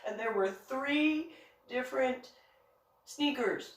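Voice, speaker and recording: A woman's voice: sits high, slow pace. A woman from New Jersey telling a casual story on her vlog, laughing often as she talks. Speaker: vlogger. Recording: echoey room, distant mic.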